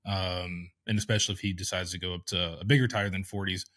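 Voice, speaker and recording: A man co-hosts an off-road podcast in quick, easygoing chat, his fairly low voice dotted with ums as he talks things over. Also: steady tone, a bit bright. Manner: quick, agreeable, many ums. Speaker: podcast co-host. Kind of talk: casual advice chat.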